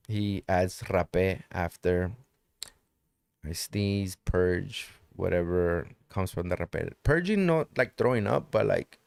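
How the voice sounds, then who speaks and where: Man, deep voice, casual profane storytelling, repetitive phrasing, dry studio sound. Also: gravelly, a little mellow, smooth, dry recording. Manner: loose, profane, repeats phrases for emphasis.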